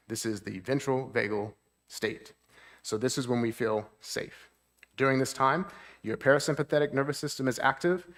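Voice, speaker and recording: A man who works as a therapist gives a talk at a church seminar, speaking in a medium-pitched voice. He explains things plainly, keeps checking in with the audience, and raises his voice to act out different moods.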